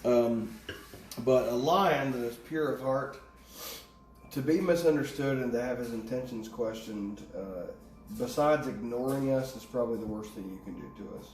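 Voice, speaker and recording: A man's voice: mid-range voice, normal speed, a little mellow, slight background noise. Rambling man reading tarot in an echoey room. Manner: rambling, goes off on tangents, swears casually. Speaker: tarot reader. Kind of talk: casual tarot reading vlog. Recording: echoey room, distant mic, faint ambience.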